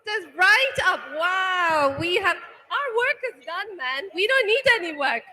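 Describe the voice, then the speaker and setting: A woman gives a motivational talk to a room of students. Her voice is high and swings up and down with animation as she piles on rhetorical questions. The long reverb of a large hall trails behind every phrase. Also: lively intonation, a little slow, sharp tone. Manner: rhetorical questions, keeps asking "right?". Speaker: workshop speaker. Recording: echoey hall.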